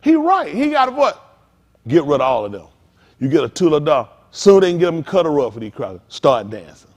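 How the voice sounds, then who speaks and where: Animated high-voiced preacher in a hall. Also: male voice. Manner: lively preaching with call-outs to listeners, acted asides and drawn-out lines. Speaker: pastor. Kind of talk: sermon.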